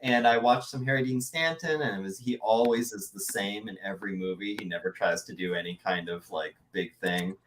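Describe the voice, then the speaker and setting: A man from the American West, a voice actor and artist, telling rambling, animated stories in casual podcast chat. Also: on the low side, a little fast, few pauses, a little hiss or hum, poor audio.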